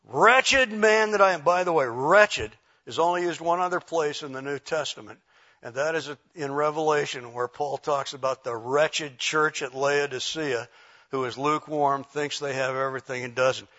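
Man preaching a sermon, bright lo-fi sound. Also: medium pitch, fairly even intonation, normal speed. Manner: conversational preaching, frequent "all right?" check-ins. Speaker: pastor.

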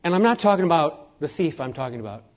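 A man preaching a sermon, emphatic and rousing, sometimes dropping to a hushed near-whisper. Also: fairly high pitch, sing-song, fast, lo-fi sound. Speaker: pastor.

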